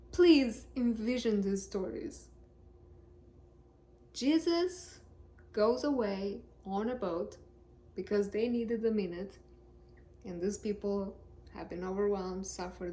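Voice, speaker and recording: A woman's voice: medium pitch, slow pace, pauses often, mellow. A woman reading scripture aloud with casual, sarcastic, joking commentary. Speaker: Bible reader and commentator.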